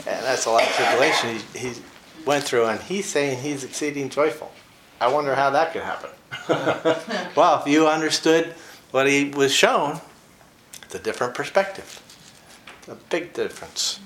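A man teaching the Bible in a relaxed, conversational way, often chuckling and reading verses slowly with emphasis. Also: medium pitch. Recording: echoey room with faint ambient noise.

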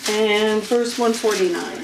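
A woman leading an informal Bible study, unhurried and often stopping to clear her throat. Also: medium pitch. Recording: faint room noise, from a distance.

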